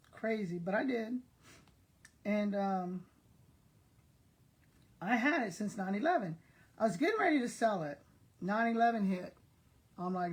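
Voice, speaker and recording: A woman's voice: mid-range voice, husky, low-quality recording. An older woman telling stories to her online viewers in a chatty, laughing way, talking to them directly. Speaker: online seller and vlogger. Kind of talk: casual storytelling to viewers.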